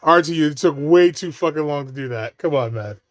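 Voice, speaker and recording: A man's voice: a little high, brisk, no room sound, muffled recording, faint music behind. A man giving casual watch-along commentary on a movie, laughing often and swearing freely as he riffs jokes.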